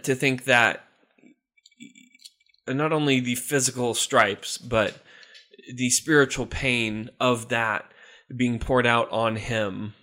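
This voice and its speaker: A man's voice: mid-range voice, fairly even intonation, slow pace, long pauses, pushed and bright. A man hosting a casual chat, rambling and chuckling as he talks, often restarting his sentences. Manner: rambling, chuckling, self-interrupting.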